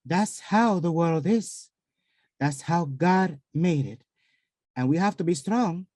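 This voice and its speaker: A woman voicing a stern, devout older mother who gives firm, measured advice and drops in Spanish phrases. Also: lowish voice, lively intonation, darkish tone, no echo, clean studio sound, pitched below the performer's own voice. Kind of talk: stage monologue acting.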